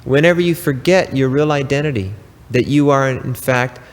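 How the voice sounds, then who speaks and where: A man giving a spiritual talk, preaching slowly and emphatically with pauses and casual asides. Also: mid-range voice, long reverb tail. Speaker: spiritual teacher.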